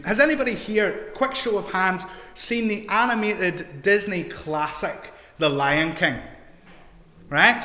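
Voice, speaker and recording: A man preaches in a church, slow and unhurried, often turning to his congregation with questions. His voice sits a little high. A long reverb trails each phrase through the hall. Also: sharp tone. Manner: conversational, asks the congregation questions. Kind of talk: sermon.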